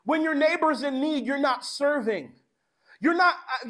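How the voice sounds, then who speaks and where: Man, high-pitched voice, pastor, casual animated sermon, slangy delivery. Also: measured pace.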